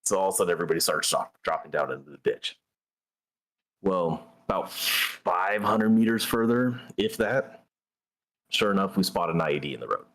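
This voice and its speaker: Deep voiced guy on a game stream, telling a story casually, swears a lot, blunt. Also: expressive, normal speed, fairly bright tone. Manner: blunt, profane, conversational. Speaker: gaming streamer and host. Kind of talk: casual storytelling while gaming.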